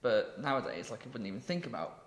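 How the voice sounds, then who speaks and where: A man's voice: mid-range voice, very animated, quick pace, reverberant. An Englishman co-hosting a podcast, improvising a story in a rambling way with many ums and laughs. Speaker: podcast co-host.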